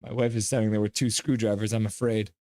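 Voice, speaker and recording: A man hosting a live hockey watch-along stream, calling the plays casually, joking with chat and getting loud at goals. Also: on the low side, quick pace, no echo. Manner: excitable, jokey, shouts at goals. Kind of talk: casual play-by-play and chat reading.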